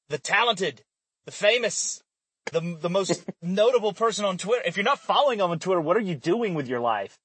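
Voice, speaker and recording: A man's voice: high-pitched, moderate pace, slightly rough, dry recording. A man hosting a casual sports podcast, joking and laughing often as he talks. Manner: laughs often, animated and jokey. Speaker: podcast host.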